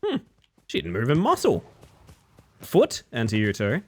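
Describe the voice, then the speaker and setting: A man's voice: medium pitch, huge pitch swings, a little slow. A man live-streaming a game, chatting casually and dryly to his viewers with self-mocking asides. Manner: dry, self-mocking, talks to chat.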